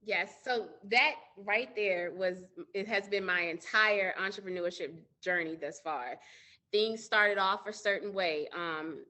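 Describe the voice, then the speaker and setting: A woman's voice: mid-range voice, unhurried, sharp tone. A middle-aged woman business owner, a guest telling her story earnestly in an interview and talking straight to listeners. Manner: earnest, addresses listeners directly as y'all.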